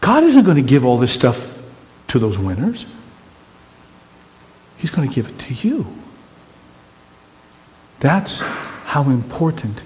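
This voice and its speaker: A man preaching a sermon as pastor, conversational and teasing, swinging between loud emphatic bursts and hushed quiet lines. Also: mid-range voice, huge pitch swings, takes it slowly, pauses often, big-room sound, a little hiss or hum. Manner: conversational and teasing, with rhetorical questions.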